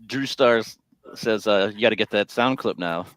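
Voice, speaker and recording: A man's voice: fairly low pitch, normal speed, a bit bright. A man co-hosting a casual podcast on a headset microphone, mostly giving short agreeing replies and reading viewer comments aloud. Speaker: podcast co-host. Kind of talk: casual chat.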